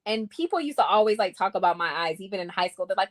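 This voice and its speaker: A woman's voice: medium pitch, expressive, fast, hardly any pauses, dry recording. A young woman hosting a casual livestream from home, chatting and reading viewer comments aloud. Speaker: livestream host. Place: home room. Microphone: webcam or phone mic.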